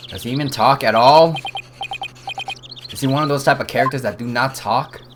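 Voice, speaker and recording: A man's voice: medium pitch, moderate pace, background noise. A man chatting and reacting while playing through a video game. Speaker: gamer. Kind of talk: let's play commentary. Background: video game music.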